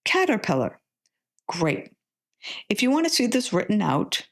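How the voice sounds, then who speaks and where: A woman hosting a podcast, slowly and deliberately modeling letter sounds as she teaches reading. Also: medium pitch. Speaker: podcast host and literacy tutor. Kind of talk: scripted podcast lesson.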